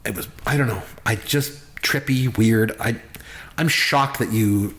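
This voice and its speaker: A man's voice: on the low side, a little slow, a bit bright. A middle-aged man co-hosting a casual movie review podcast, joking and complaining with exaggerated gripes. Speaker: podcast co-host; professor.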